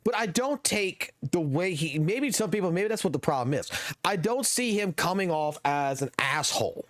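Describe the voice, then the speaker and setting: A man's voice: high-pitched, expressive, normal speed, dry recording, studio quality. A young man from the American South with a Southern accent, ranting heatedly and profanely on his live game stream.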